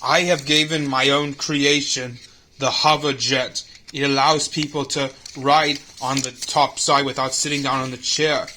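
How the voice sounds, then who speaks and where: A man's voice: mid-range voice, level tone, unhurried, bright, forceful tone, slight background noise. A man voicing the Green Goblin, a gloating green supervillain inventor, in a boastful, taunting manner for a fan audio drama.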